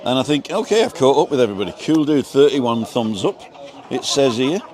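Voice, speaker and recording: An older man chats away on a live stream from a sunny bar terrace, rambling and jokey as he answers viewers. He speaks at an ordinary, middle pitch, and a crowd talks clearly in the background. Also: expressive, a little fast, a little mellow. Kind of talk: casual live-stream chat, reading viewer comments. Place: outdoor bar terrace in the sun. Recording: outdoor crowd noise behind. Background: crowd chatter.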